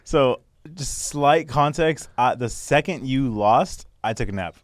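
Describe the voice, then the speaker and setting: A man's voice: medium pitch, animated, unhurried, no echo, clean studio sound. Laughing man telling a story. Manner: laughs often while telling stories; acts out other people's lines in quotes. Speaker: podcast co-host. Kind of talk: casual chat.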